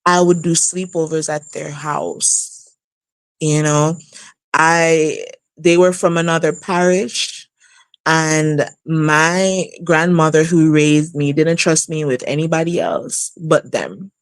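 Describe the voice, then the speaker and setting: A woman in her thirties telling a personal story casually on a live stream, laughing often and jumping high in pitch for emphasis. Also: steady tone, slow pace, dry recording. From outside the U.S. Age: 30s. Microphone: live stream setup.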